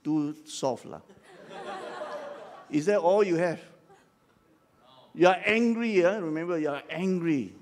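An older pastor's dramatic sermon comes in a voice on the high side, at a slow pace with long pauses. He calls out to the congregation and they shout back in response.

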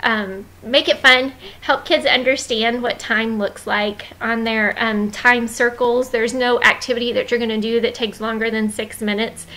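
A woman leading a children's ministry training, walking volunteers through the week's activities in a friendly, instructive way with many pauses and fillers. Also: on the high side, fairly even intonation, sharp tone, low-quality recording.

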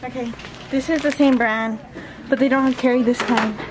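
A woman with a very high voice gives short replies at an unhurried pace. Store noise is clearly heard behind her. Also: fairly even intonation. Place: large store indoors. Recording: noisy store ambience.

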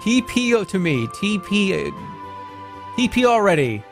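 A man's voice: high-pitched, very animated, fairly bright tone, faint music behind. A man in his thirties, a streamer chatting casually and joking while playing a game, reading messages aloud as he goes. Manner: joking, reacting fast, reading chat aloud.

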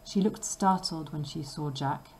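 A woman reading a fairy tale aloud slowly and carefully for language learners. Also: low voice, darkish tone, a little hiss or hum, low-quality recording. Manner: slow, careful and clearly paced. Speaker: storybook reader.

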